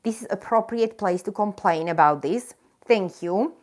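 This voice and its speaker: A woman with a mid-range voice speaks at a normal speed while hosting a live stream. She rants with indignant emphasis, then breaks into chatty, self-mocking asides to her viewers in an impassioned live chat rant.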